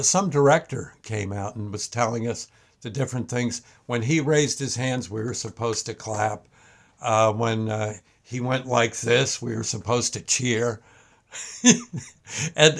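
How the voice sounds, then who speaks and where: A man's voice: mid-range voice, vocal fry. Older man reminiscing in a meandering way. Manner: meandering, halting storyteller. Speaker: show host. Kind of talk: casual reminiscence.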